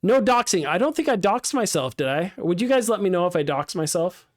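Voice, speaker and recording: A man teaching a game streaming class live, walking through software setup in a casual, upbeat way with many ums and restarts. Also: high voice, big pitch swings, a little fast.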